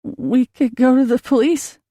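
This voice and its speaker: A woman's voice: high-pitched, fairly even intonation, a little slow, warm tone, no room sound, voice pushed up. A woman narrator voicing a desperate young woman who speaks in choked, sobbing pleas. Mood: pleading.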